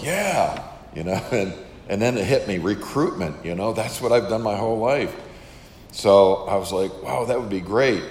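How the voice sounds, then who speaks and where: A man's voice: fairly low pitch, darkish tone, echoey room, in a large hall, slight background noise. An older man who is a missionary, casually telling a story to an audience and acting out the dialogue. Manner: casual, chatty, acts out quoted dialogue.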